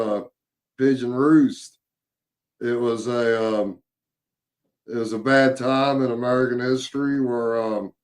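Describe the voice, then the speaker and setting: A man, casually recounting a paranormal investigation, halting with many fillers and repeated words. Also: mid-range voice, a little mellow. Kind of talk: casual storytelling chat.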